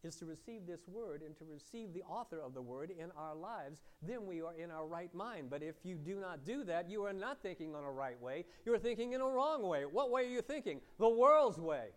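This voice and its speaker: A man preaching a sermon as pastor, asking the congregation questions, moving between loud emphasis and quiet, low asides. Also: lively intonation, fairly quick, few pauses.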